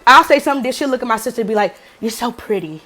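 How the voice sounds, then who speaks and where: A woman's voice: high voice, very fast. A young adult woman vlogger casually telling a story, cursing freely and acting out quotes. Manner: profane, animated storytelling with acted quotes.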